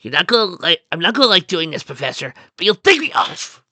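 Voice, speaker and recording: A man voicing a brash young male barbarian marine who shouts boasts about himself. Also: high voice, sing-song, fast talker, dry recording, pitched above the performer's own voice, exaggerated voice. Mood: boastful. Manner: shouted boasts, calls himself in third person.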